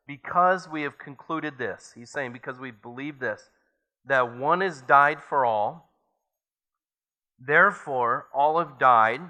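A man's voice: on the high side, sharp tone. A man preaching a sermon as pastor, reading scripture aloud and building to emphatic points.

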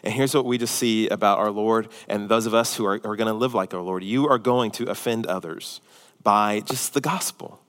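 A man preaching a sermon as pastor, animated and acting out the voices of the people he quotes. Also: on the low side, normal speed, big-room sound.

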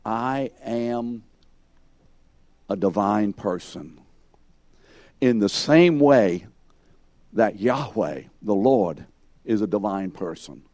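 A man's voice: fairly low pitch, lively intonation, takes it slowly, pauses often, darkish tone, no echo. A man teaching a Bible lesson to a class, questioning students by name and acting out the scene with emphasis. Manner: emphatic, acts out scenes in second person.

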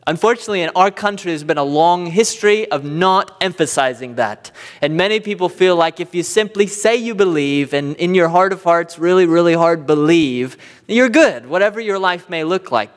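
A man's voice: high voice, expressive, moderate pace, few pauses. Man preaching in an echoing hall. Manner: earnest, emphatic preaching with rising repeated phrases. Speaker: pastor. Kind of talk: sermon. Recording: long hall reverb.

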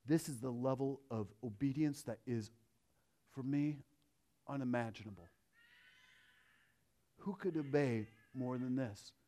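A pastor preaching a sermon, earnest, dropping to hushed phrases and rising to emphatic ones. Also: male voice, medium pitch, unhurried, pauses often.

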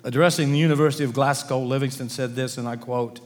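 A man's voice: mid-range voice, fairly even intonation, quick pace, few pauses, in a large hall. A man preaching a sermon in an earnest manner, reading quotations aloud to his congregation. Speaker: pastor.

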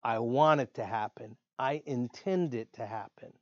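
A man preaching a sermon in an earnest way, slowing down to stress key words. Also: medium pitch, a little mellow, no echo. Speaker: pastor. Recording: dull lo-fi dry sound.

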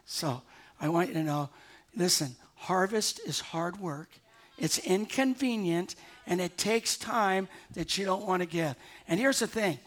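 A man with a high-pitched voice preaching from the pulpit of a church. He tells a story from his own life in a lively, animated way and often chuckles at himself. The tone stays conversational even while he delivers a sermon. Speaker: pastor. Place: church sanctuary.

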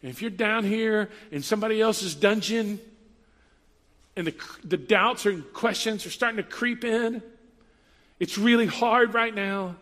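Conversational male pastor, a touch high. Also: measured pace, fairly bright tone, in a large hall. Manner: conversational, emphatic, repetitive. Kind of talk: sermon.

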